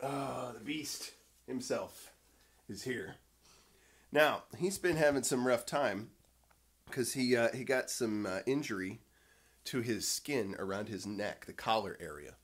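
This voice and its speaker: A man's voice: mid-range voice, expressive, measured pace, slightly rough. A man hosting a casual morning livestream from home, rambling with fillers and cooing at his dogs. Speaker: livestream host.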